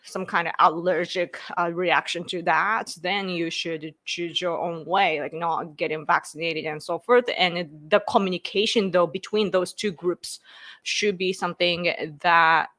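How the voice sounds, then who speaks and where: A woman's voice: fairly low pitch, fairly even intonation, measured pace, fairly bright tone. Chatty Japanese-accented woman streaming live. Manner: rambling, full of "like" and "you know". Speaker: livestream host. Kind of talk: casual live-stream chat.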